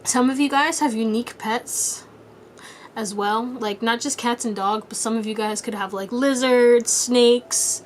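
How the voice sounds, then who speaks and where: A woman's voice: fairly even intonation, a little slow, slight background noise. Chatty, laughing woman tarot reader. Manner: chatty, laughs often, swears casually; playful high-pitched quoted voices. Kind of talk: casual pick-a-card tarot reading.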